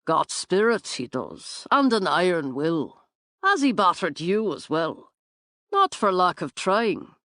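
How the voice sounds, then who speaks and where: A man's voice: high voice, big pitch swings, slow pace, sharp tone, no echo, heavily acted. A woman narrator voicing a blunt stable owner, dry and matter-of-fact.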